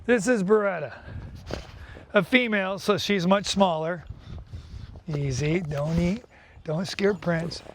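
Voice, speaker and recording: A man's voice: high voice, slow, long pauses, a little hiss or hum. A man hosting a casual farm vlog, talking easily about his animals and calling to his dogs outdoors. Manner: chatty, coaxing the dogs with repeated calls; relaxed explanation while reading from a website. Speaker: farm owner and channel host. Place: outdoors on a farm, then inside his house.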